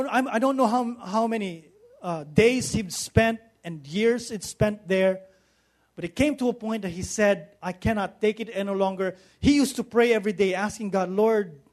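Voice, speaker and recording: A man's voice: high-pitched, moderate pace, a little mellow. A man preaching a sermon, telling a story in a conversational way and often asking the audience questions.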